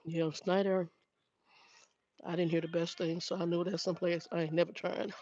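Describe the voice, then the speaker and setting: A woman's voice: fairly low pitch, little pitch movement, moderate pace, darkish tone, dry recording. An older woman, a truck driver, chatting casually with viewers in a frank, exasperated way, restarting sentences often. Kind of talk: casual chat with live viewers. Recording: dry, dull lo-fi sound.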